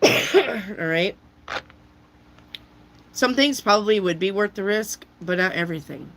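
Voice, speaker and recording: A woman giving a casual tarot reading while she has a cold, chatty and loose, often clearing her throat. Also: mid-range voice, animated, measured pace, fairly bright tone, rough recording. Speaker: tarot reader.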